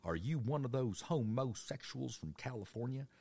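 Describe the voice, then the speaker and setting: A man's voice: medium pitch, animated, normal speed, gravelly, mellow, breathy edge, pitched above the performer's own voice. A man putting on the voice of a stern, short, stubby football coach who scolds a teenage player. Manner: scolding, preachy.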